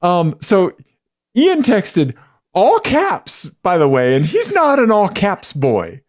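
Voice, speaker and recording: Excitable man with a lively voice. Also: slow pace. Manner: excitable, voice jumps high in surprise. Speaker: podcast co-host. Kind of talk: casual chat.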